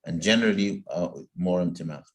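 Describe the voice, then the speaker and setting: A man with a fairly low voice runs an informal Quran pronunciation lesson. He is patient and repeats sounds slowly to demonstrate them. He speaks in a casual classroom tone. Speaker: tajweed teacher. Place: community centre classroom.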